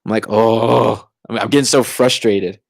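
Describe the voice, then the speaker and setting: A young man co-hosting a casual podcast, telling a story in an animated way and acting out what others said. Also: lowish voice, brisk, no room sound, studio quality. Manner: animated, acts out quoted voices. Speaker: podcast co-host.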